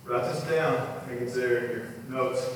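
A man preaching a sermon, telling stories in an animated way and acting out the voices of the people in them. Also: medium pitch, moderate pace, slight background noise. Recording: echoey hall, mic far off, faint ambience.

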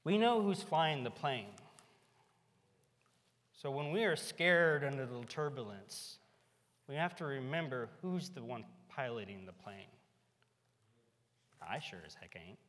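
A man's voice: mid-range voice, big pitch swings, unhurried, long pauses, a bit bright. A man preaching a sermon in a folksy, emphatic way, with a band on hand in a large hall. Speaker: pastor. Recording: echoey hall.

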